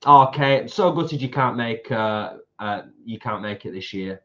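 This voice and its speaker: A man's voice: medium pitch, a little slow, hardly any pauses, pushed and bright, highs cut off. Chatty British man on a live stream. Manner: chatty, reads out viewer comments, laughs easily. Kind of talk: casual live stream chat.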